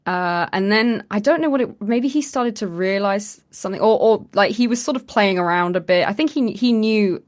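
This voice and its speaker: A woman podcast co-host excitedly retelling a live-action role-play event, acting out what people said and laughing often. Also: mid-range voice, normal speed, hardly any pauses. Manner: animated storyteller, acts out quotes, laughs often. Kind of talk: excited casual recap chat.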